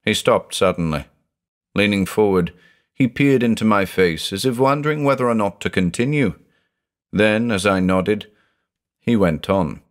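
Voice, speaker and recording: A man narrating a horror short story in a measured, deliberate reading. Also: fairly low pitch, lively intonation.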